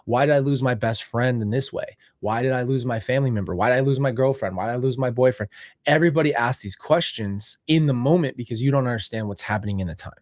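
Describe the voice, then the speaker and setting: A young man sits indoors and talks about faith in a heartfelt, meandering way, restarting his sentences as he works through his thoughts. His voice sits in an ordinary middle pitch. The sound is dry and close, with no room echo. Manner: earnest, rambling, self-correcting. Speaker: podcast host. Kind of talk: reflective faith talk. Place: seated indoors.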